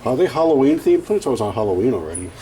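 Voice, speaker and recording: A man's voice: mid-range voice, sing-song, rapid-fire, dark tone, a little hiss or hum. A man working at a game shop, trading dry wisecracks in casual banter with the host. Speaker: shop worker. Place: indoor arcade game shop.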